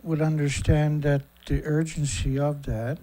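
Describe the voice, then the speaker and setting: A man's voice: on the high side, flat delivery, measured pace, dark tone. Blunt, sarcastic middle-aged man host. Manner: rambling with frequent fillers and asides. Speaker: host of a daily news livestream. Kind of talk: casual livestream commentary.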